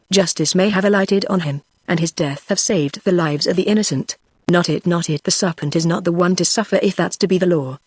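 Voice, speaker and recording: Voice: medium pitch, no room sound, natural voice. Tts voice doing plain-talking frontier hunter, humble, dry sound. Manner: even synthetic reading.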